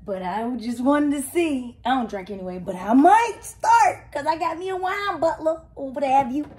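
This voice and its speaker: An excitable young woman talks casually through an unboxing, gushing and exclaiming in a slightly high voice. Her reactions swing between loud delight and softer, touched murmurs, with plenty of slang. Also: moderate pace. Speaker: vlogger opening gifts.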